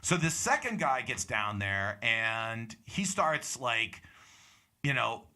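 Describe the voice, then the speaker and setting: A man's voice: mid-range voice, very animated, slow, sharp tone. A young man hosting a show, telling a bar anecdote and acting out the other people's lines. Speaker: comedian and show host. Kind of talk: casual storytelling chat.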